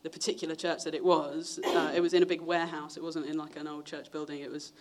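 A man's voice: level tone, quick pace. Guy preaching, chatty story, jumps way up to act out other people. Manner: chatty storytelling, acts out quoted voices with big pitch jumps. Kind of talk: personal testimony in a sermon.

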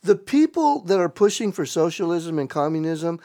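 Guy ranting and telling stories, swears a lot, trips over his words, kinda high voice. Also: normal speed. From Louisiana. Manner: blunt, profane, animated, stammers and repeats words. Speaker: interview guest. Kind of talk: casual profane storytelling.

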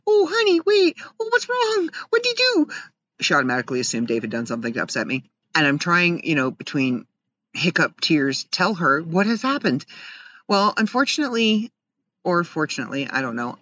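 A man's voice: on the high side, pushed and bright, no echo. A man casually telling a rambling, self-deprecating story in a personal vlog, laughing often. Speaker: vlogger. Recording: slightly muffled with faint background hiss.

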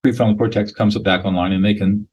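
A man's voice: on the low side, steady tone, quick pace, a little mellow, slightly rough, muffled recording. A man speaking as a guest expert in a podcast interview, explaining in a blunt, emphatic, lecturing way with short declarative statements.

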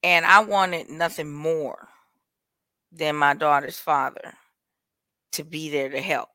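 A woman's voice: sits low, steady tone, slow pace, sharp tone, no echo. A woman speaking frankly in casual chat, giving her opinion and telling stories from her own life.

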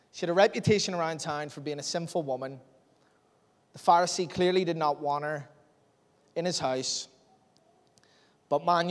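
A man preaching a sermon in a chatty, self-deprecating way, laughing often. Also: fairly high pitch. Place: church hall. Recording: long hall reverb.

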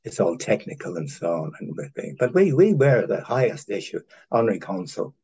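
An older man from Ireland, a former honorary consul, telling long anecdotes in a halting way, with many restarts and chuckles. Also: on the low side, sing-song, warm tone, breathy edge, poor audio. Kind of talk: rambling anecdotal conversation.

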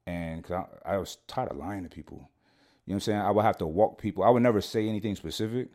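Deep-voiced man telling a story casually. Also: quick pace, darkish tone. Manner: slangy and profane, keeps saying "you know what I'm saying". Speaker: podcast guest.

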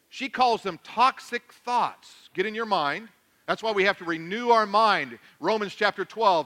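A high-pitched male pastor preaches animatedly and jokes, swinging between loud declarations and hushed asides.

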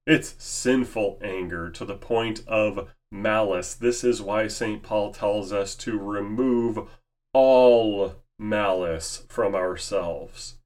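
A man preaching a sermon in a deliberate manner, posing rhetorical questions to his listeners. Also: lowish voice, a little mellow.

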